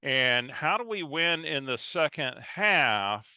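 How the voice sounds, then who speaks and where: Bright-voiced man coaching. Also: fairly high pitch, slow, clear, resonant tone, no room sound, highs cut off. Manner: energetic, chatty, reads audience chat aloud. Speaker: real estate coach. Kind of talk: live webinar presentation.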